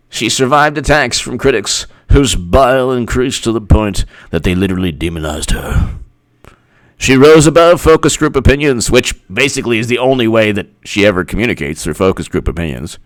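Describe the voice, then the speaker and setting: A man's voice: medium pitch, expressive, fairly quick, dry recording. A man who works as a political commentator, reading an article aloud and mocking it with sarcastic asides.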